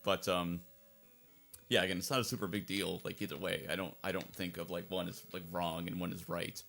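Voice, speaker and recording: As the game's fan translator, a man chats casually over a playthrough, wandering off and returning to his points. He has a deep, gravelly, slightly bright voice, a level tone and a brisk pace, with faint music in the background.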